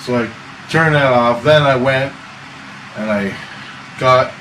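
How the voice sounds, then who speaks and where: A man's voice: mid-range voice, slow pace, a bit bright. A man telling a wild personal story in a casual interview, swearing, laughing often and acting out voices. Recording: echoey room, far from mic, noisy.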